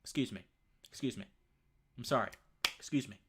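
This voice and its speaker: Background noise accompanies a young adult man with a mid-range voice talking briskly on his casual opinion livestream. He rambles and stumbles, often restarting sentences, and keeps a lively, conversational tone peppered with "man."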